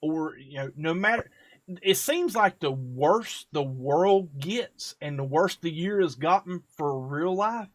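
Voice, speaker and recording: Chummy rambling stream host. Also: male voice, a little high, expressive, slow pace. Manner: rambling, chummy, lots of fillers and laughs. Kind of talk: casual live stream chat.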